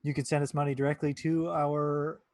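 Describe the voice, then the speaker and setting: A man's voice: fairly high pitch, level tone, moderate pace, darkish tone, no room sound, clean studio sound. A man playing in a tabletop game, chatting casually and tossing in playful jokes. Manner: joking, playful asides. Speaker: player.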